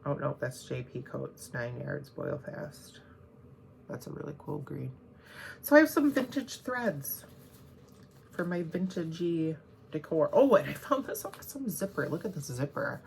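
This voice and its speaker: A woman with a low, gravelly voice talks through her craft supplies in a loose, rambling way, often stopping to correct herself. A faint hiss sits under her voice on a close camera mic at home. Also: very animated, a little slow, a little mellow. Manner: chatty, rambling, self-correcting. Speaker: cross-stitch vlogger. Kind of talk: casual show-and-tell chat.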